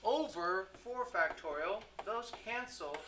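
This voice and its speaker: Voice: medium pitch, animated, takes it slowly, noisy background. A math teacher giving a classroom lecture, who keeps checking in with the class, poses questions and corrects their own slips.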